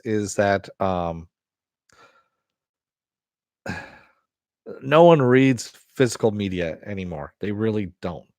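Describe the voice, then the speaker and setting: A man's voice: fairly low pitch, a little mellow, no room sound. Profane rambling male stream host. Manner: rambling, profane, restarts often. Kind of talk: casual live-stream chat answering viewers.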